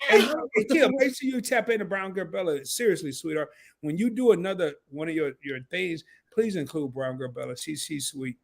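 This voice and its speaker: A man with a country Southern US accent, joking loudly and colloquially as a guest on a casual live stream. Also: on the high side, lively intonation, gravelly. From rural American South. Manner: loud, joking, drawn-out exclamations, colloquial.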